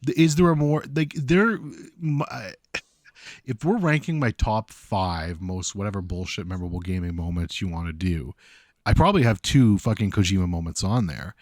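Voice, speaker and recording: A man co-hosting a podcast in casual chat, excitable and profane, often stumbling over his first words. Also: sits low, normal speed, dry recording, clean studio sound. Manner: excitable, profane, stammering restarts. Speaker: podcast co-host.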